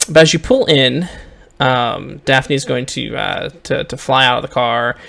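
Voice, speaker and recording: Man, game master, halting scene narration, gravelly voice, tabletop game. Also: mid-range voice, bright, forceful tone.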